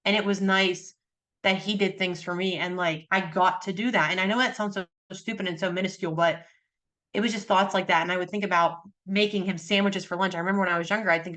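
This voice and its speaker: A woman's voice: medium pitch, fairly even intonation, fast, a bit bright. A woman, likely in her thirties, a podcast guest talking earnestly and animatedly in casual conversation.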